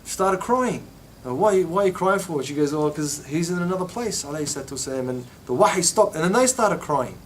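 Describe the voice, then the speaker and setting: A man's voice: on the high side, lively intonation, brisk, slight background noise. A man teaching an informal religious lesson, telling stories and acting out quoted voices with many restarts.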